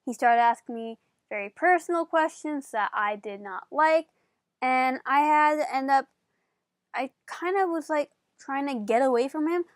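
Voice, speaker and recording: A woman vlogging to camera in casual storytelling, animated and chatty with lots of filler words. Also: sits high, a little slow, no room sound, studio quality.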